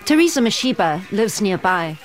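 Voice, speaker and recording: A woman narrating a news report in a measured, scripted way. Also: medium pitch, sing-song. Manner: measured, clear storytelling.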